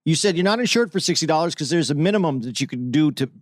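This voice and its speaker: A man's voice: on the high side, lively intonation, dry recording. Rambling man on a dry-sounding podcast. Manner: rambling, halting, with many fillers and restarts. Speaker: podcast co-host. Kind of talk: casual chat.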